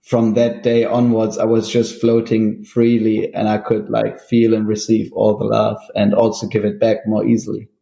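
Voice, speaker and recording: A man's voice: lowish voice, moderate pace, gravelly, hardly any pauses, reverberant. A man, a guest on an interview show, who chats casually and laughs often. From Germany. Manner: laughs often, relaxed with many fillers. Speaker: guest musician.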